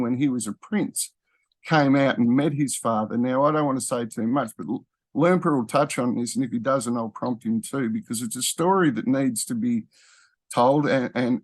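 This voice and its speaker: A man talks in an easygoing, meandering way, stopping to correct himself and filling gaps with "you know" and "um". His voice sits at an average pitch for a man. The recording is dry and close, with no room sound. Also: dry recording. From Australia. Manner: rambling, with frequent fillers and self-corrections. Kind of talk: casual conversational talk.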